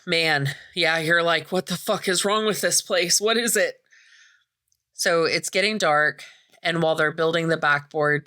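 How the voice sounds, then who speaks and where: A woman's voice: low-pitched, sharp tone. A woman hosting a podcast, retelling a horror movie in casual chat, swearing freely and acting out the characters' lines. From American Midwest. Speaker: podcast host.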